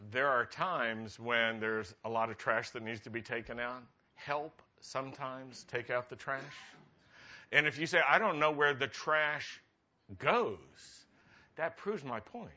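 A man's voice: medium pitch, unhurried, sharp tone, dull audio. A man preaching a humorous sermon as a rabbi, chatty and often laughing at his own jokes.

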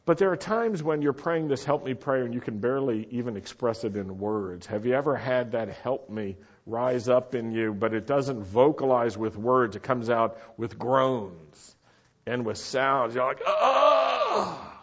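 A man preaching a sermon with lively, animated delivery that swings from quiet asides up to sudden shouts. His voice sits in the middle range for a man. The recording is dull and lo-fi. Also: medium pitch, moderate pace. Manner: animated, rising to shouts for emphasis. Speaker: pastor.

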